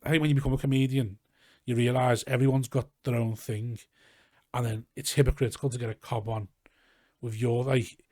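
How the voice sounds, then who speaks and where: A young man with a Scouse accent talks quickly and loosely, piling up asides and running jokes as he goes. The recording is close and dry, with no room sound around him. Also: medium pitch, no echo. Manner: rambling, animated storytelling with swearing. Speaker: comedian guest. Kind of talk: casual podcast chat. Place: garage.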